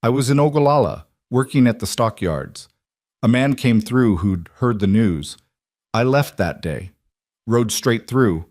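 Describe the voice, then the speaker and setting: A man's voice: medium pitch, expressive, measured pace, darkish tone, no room sound, studio quality, close to an everyday voice. A man voicing a weary frontier man who has run from his past all his life, in short, plain-spoken sentences. He sounds like a storybook reading.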